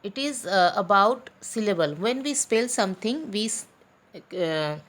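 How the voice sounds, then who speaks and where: A woman teaching an online class for young pupils, talking deliberately, spelling out letters and pausing with fillers. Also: mid-range voice, expressive. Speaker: school teacher.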